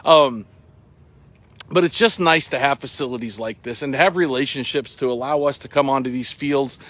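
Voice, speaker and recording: Upbeat middle-aged male host, winded, casual live talk, lots of ums, mid pitch. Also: moderate pace, a bit bright, no room sound. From Massachusetts. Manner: upbeat, chatty, many ums and uhs. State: sweating and out of breath. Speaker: real estate broker hosting a morning show. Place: outdoors at a baseball field.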